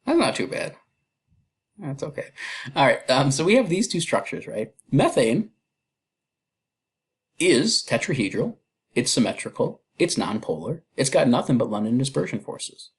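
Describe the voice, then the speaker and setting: Man, chemistry teacher, husky voice, casual recorded lecture, chatty with fillers. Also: mid-range voice, sing-song, moderate pace, long pauses. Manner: casual and chatty, fillers and self-deprecating asides.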